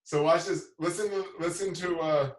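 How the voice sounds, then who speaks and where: A man with a slightly high voice tells stories on a casual livestream, laughing through them and acting out the funny bits. He sits back from the mic in a roomy, echoing space. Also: normal speed, far from the mic. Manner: laughs through his stories, animated retelling. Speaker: show host.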